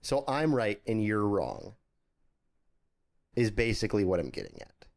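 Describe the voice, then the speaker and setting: A man co-hosting a casual comedy podcast, teasing his friend with deadpan insults. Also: fairly low pitch, a little slow, vocal fry. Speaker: podcast co-host.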